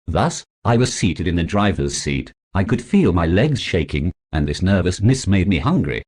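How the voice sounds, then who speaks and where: Man reading his own story, low husky voice, formal wording, lively ups and downs. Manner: formal, stiff connectives. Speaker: author narrator. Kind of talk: storybook narration.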